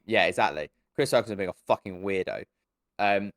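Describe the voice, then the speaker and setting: A young man co-hosting a casual film podcast, animated and swearing, often jumping into high mocking voices. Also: a little fast, dry recording, studio quality. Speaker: podcast co-host. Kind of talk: casual film review chat.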